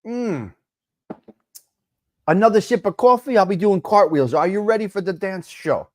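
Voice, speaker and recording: A man's voice: sits high, lively intonation, normal speed, darkish tone. A man hosting a casual live-stream talk show, chatting loosely, rambling in asides and greeting viewers by name. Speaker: livestream talk show host.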